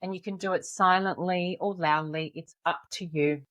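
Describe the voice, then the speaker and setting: A woman in her forties, a confidence coach, calmly and encouragingly guiding listeners step by step through an exercise. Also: lowish voice, moderate pace. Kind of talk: guided exercise instruction.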